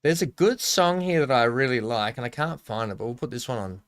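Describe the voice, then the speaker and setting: A man's voice: medium pitch, expressive, a little fast. A young adult man with an Australian accent, chatting casually on a live game stream, rambling and joking and laughing a lot as he reads out chat.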